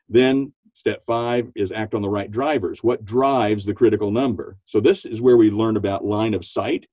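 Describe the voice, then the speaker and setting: A man's voice: moderate pace, few pauses, no room sound, dull audio. A man, a business coach, talking enthusiastically as a podcast guest, laughing often and acting out quotes. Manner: animated, laughs often, acts out quotes in a high voice. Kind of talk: enthusiastic interview talk.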